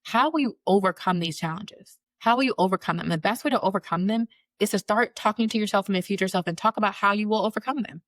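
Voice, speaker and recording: A woman's voice: mid-range voice, fast, no room sound. A woman in her thirties, a career coach hosting her own show, talking earnestly and repeating phrases for emphasis. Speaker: career coach and podcast host. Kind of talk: motivational solo talk.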